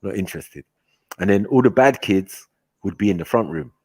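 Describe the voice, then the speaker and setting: A man telling stories in a casual chat, animated and slangy, laughing often. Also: lowish voice, fairly quick, no echo. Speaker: host.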